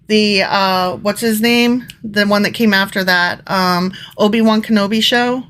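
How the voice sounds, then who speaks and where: A woman co-hosting a casual podcast chat, animated and quick to swear. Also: mid-range voice, clean tone. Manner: animated, laughing, profane. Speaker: podcast co-host.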